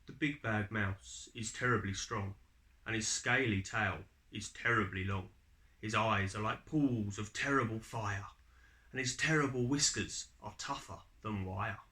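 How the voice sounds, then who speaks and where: A big gruffalo father from a storybook, voiced a little lower and slower by a man reading aloud. He speaks gravely and deliberately, full of warning. The tone stays bright and clear. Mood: solemn. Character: big male gruffalo father, solemn and cautious.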